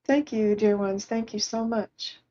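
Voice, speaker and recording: Woman medium, gentle and consoling, relaying spirit messages slowly in a warm, soft voice over muffled stream audio. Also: mid-range voice. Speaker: spiritual medium hosting a livestream. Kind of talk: channeling spirit messages to viewers. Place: at home.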